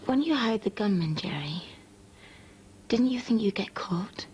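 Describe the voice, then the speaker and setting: An actress playing a wife who confronts her husband in hushed, accusing whispers. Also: mid-range voice, expressive, a little slow, lo-fi sound, slight background noise, lightly acted. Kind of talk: TV drama dialogue.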